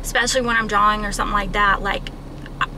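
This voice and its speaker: A middle-aged woman and mother chatting casually as a guest, speaking softly, laughing easily and giving short agreeing replies. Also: mid-range voice, fairly even intonation, noisy background. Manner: soft-spoken, quick to laugh, brief agreeing replies. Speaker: guest, homeschooling mom and artist. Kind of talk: casual chat.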